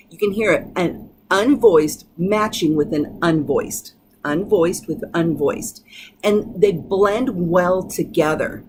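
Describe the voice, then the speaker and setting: A woman teaching English pronunciation, modeling each sound slowly and patiently. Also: lowish voice, lively intonation, darkish tone, slight background noise. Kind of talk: pronunciation lesson.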